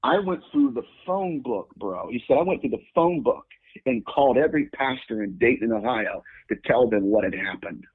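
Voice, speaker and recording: A man telling a story in a lively, sing-song way, his pitch leaping whenever he acts out the people in it. His voice is husky. The sound is thin and phone-like. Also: moderate pace. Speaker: guest demonologist. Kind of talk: animated storytelling. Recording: phone-like lo-fi audio.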